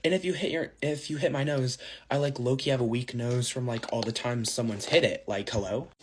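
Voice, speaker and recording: A man's voice: mid-range voice, a little fast, slight background noise. A man telling a casual storytime to his followers, slangy and rambling, full of fillers. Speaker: social media storyteller.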